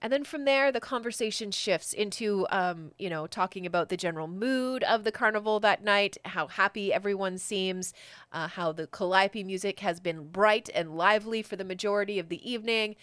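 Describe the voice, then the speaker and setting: Woman game master, relaxed chatty narration, dry close mic. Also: medium pitch, moderate pace, no echo. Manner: casual and chatty, with many fillers.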